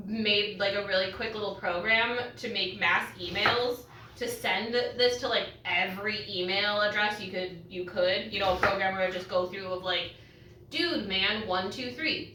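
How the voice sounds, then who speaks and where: A woman's voice: mid-range voice, sharp tone, recorded from a distance, slight background noise. A young woman vlogging casually while she cooks in her home kitchen, joking and swearing freely, her eyes teary from cutting an onion. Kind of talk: casual chat while cooking. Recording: echoey room, mic set back.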